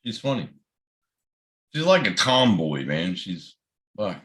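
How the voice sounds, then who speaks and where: Man, casual chat, low voice, bright, swears freely. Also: very animated, slow pace. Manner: loose, swearing, laughing often. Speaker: guest on a livestream chat.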